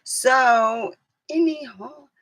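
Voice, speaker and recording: Woman, vlogger, slow talker, rambling, hesitant, chatty then calm guided relaxation. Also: on the high side, no room sound, low-quality recording. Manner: rambling, hesitant, loses her train of thought. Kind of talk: casual chat and guided meditation.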